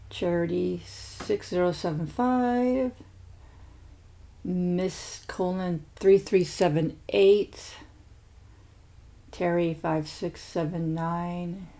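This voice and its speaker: Female food-channel host, casual and chatty, low-pitched with a gravelly edge. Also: mellow. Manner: chatty, many fillers and restarts. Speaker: mukbang host. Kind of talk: casual chat reading viewer shout-outs.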